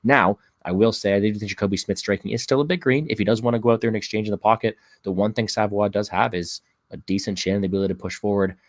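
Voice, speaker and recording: A man from Canada, a guest fight analyst on a casual podcast, talking excitably, repeating himself and swearing freely. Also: on the low side, fast talker, hardly any pauses, no echo, studio quality.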